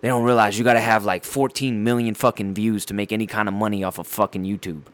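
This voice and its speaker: Quick-paced and fairly low-pitched, with no echo, a man rants on his casual solo podcast. He's blunt and animated, cursing heavily and leaning on fillers and repeated words.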